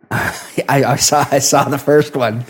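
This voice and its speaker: A man co-hosting a casual podcast, reading listener emails and chatting with a halting, laughing manner. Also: medium pitch, fairly even intonation, breathy edge. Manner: rambling, laughs often, halting restarts. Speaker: podcast co-host.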